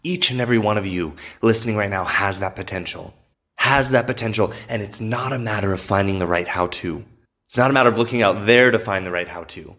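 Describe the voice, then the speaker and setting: A man's voice: on the low side, fairly quick, bright, forceful tone. Man giving an emphatic motivational pep talk. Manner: emphatic, repetitive, swears freely. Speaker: podcast host. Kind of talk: motivational podcast monologue.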